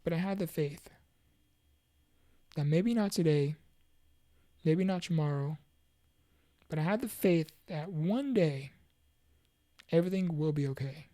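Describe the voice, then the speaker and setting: A woman giving an earnest, heartfelt personal testimony about mental health and faith, halting now and then with fillers and restarts. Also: low voice, mellow, dry recording, studio quality. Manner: preachy, faith-focused encouragement. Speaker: motivational speaker.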